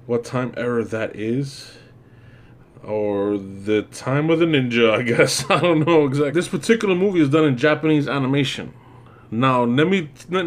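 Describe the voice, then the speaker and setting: A man giving a casual spoken film review, rambling and stumbling over repeated words as he recaps the plot. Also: mid-range voice. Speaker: movie reviewer.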